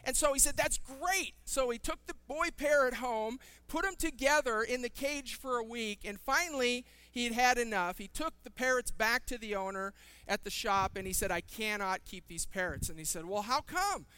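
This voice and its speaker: High-voiced pastor preaching with humor. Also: male voice, moderate pace, bright, forceful tone, clean tone, dry recording. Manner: humorous storytelling with shifting character voices. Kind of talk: sermon.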